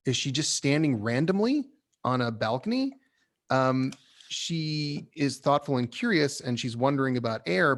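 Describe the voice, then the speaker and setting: A man hosting a podcast, giving animated, opinionated notes on a screenplay and laughing often. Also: medium pitch. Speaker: podcast host reviewing a screenplay. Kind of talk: casual critique chat.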